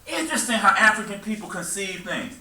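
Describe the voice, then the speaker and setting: A man's voice: sits high, expressive, a little fast, bright, forceful tone, far from the mic. A man preaching and teaching a small congregation, drawing call-and-response and joking along the way. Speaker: minister. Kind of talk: teaching sermon. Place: worship hall with congregation. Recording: echoey room, taped from afar.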